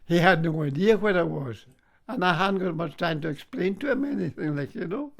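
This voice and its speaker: An older Scottish man, a war veteran, reminisces in an interview with a gravelly voice on the high side. He chuckles as he tells his stories and keeps tossing in "like, you know."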